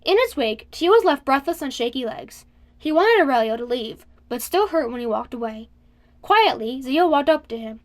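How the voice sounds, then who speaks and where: A woman reading a novel aloud in an expressive, steady audiobook style. Her voice sits high. She moves through the narration evenly. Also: moderate pace.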